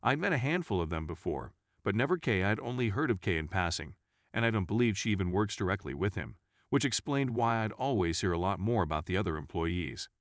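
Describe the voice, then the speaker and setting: A man narrates a story in a scripted, read-aloud way. His voice sits fairly low but swings up and down a lot. The sound is dry and close, with almost no room in it. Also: expressive, brisk, no echo.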